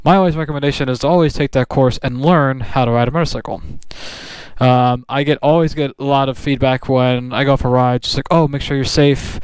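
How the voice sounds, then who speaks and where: Man, casual vlog chat, rambling, restarts, medium pitch, dry recording. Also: steady tone, brisk, clear, resonant tone, dry recording. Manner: rambling, with many restarts and fillers. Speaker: motorcycle vlogger. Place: riding or parked outdoors on a motorcycle.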